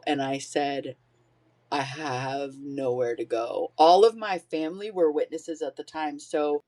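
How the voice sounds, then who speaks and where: A woman's voice: deep voice, slow, darkish tone. A woman in her forties, a podcast guest telling her own story openly, swearing freely and laughing through painful memories. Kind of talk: personal storytelling.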